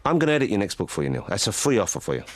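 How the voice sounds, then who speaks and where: A man's voice: fairly low pitch, sing-song, very fast. A man hosting a radio interview, chatty and teasing, joking with his guest in a studio. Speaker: radio host.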